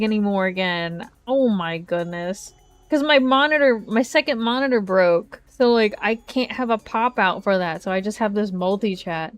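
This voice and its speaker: A woman streams a game and chats casually with viewers through a desk microphone, rambling along and breaking into exasperated exclamations. Her mid-range voice is expressive and measured in pace, with no room sound and faint music behind her.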